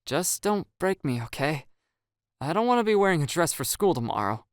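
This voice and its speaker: A man's voice: mid-range voice, expressive, moderate pace, vocal fry, no echo, studio quality. A man voicing a playful teenage boy. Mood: teasing. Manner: playful, teasing. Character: teenage boy playfully teasing his friend.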